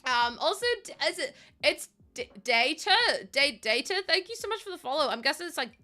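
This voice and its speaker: A woman's voice: sits high, animated, brisk, sharp tone, soft background music. An Irish woman streaming a game and chatting casually, rambling, giggling often and swearing offhand. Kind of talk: casual live-stream chat while playing.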